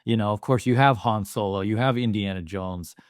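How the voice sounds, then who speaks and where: A man's voice: lowish voice, a little fast, no room sound, studio quality. A man co-hosting a movie podcast, talking earnestly and thinking aloud with plenty of fillers. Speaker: podcast co-host. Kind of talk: casual movie discussion.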